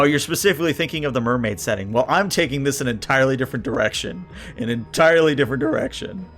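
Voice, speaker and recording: A man streaming from a home desk mic, talking his way through a rulebook in a casual, rambling way. He reads list entries aloud and adds quick comments, with plenty of filler words and restarts. Soft music plays in the background. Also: mid-range voice. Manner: thinks aloud, reads list entries then riffs on them; chatty, answers chat, frequent filler words and restarts. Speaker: streamer reviewing a tabletop RPG book.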